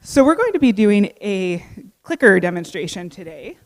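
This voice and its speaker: A woman's voice: medium pitch, big pitch swings, moderate pace. Woman presenter with long reverb. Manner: clear and informative. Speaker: guide dog trainer. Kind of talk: explanatory presentation.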